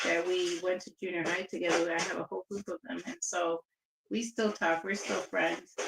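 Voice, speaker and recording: A woman's voice: on the low side, noisy background. Chatty woman in an echoey room. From Southern California. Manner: reflective, chatty storytelling with restarts. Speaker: interview guest. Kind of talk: casual interview.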